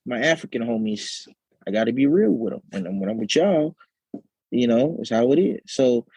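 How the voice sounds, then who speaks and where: Animated Nigerian man, husky lively voice. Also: medium pitch, moderate pace, dry recording. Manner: animated, acts out voices, laughs often. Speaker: podcast co-host. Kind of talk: casual chat.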